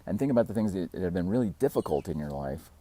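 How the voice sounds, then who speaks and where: A fitness channel host with a low, warm voice talks fast and expressively in a casual talking-to-camera vlog. He rambles, laughs at himself, and acts out quotes on his own channel.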